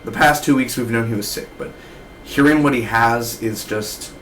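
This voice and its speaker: A man's voice: medium pitch, moderate pace, a bit bright, slight background noise, low-quality recording. A man in his twenties giving a casual, rambling TV episode review, full of slang like "man" and "dude". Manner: slangy, loose, keeps saying man and dude. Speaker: TV show reviewer.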